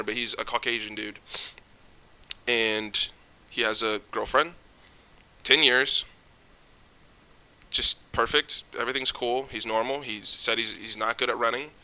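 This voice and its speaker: A man's voice: mid-range voice, level tone, normal speed, pushed and bright, clean tone. A young man ranting casually to camera, jittery and stumbling over his words, swearing often. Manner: swears often, rambling restarts. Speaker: vlogger.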